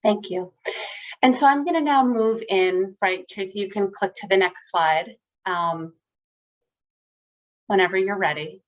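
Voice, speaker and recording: A woman's voice: mid-range voice, unhurried, pauses often, low-quality recording. Earnest woman clinician, mid-range voice, webinar talk over a video call. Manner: earnest, with frequent "right?" tag questions. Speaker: clinician presenting to peers. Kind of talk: webinar presentation.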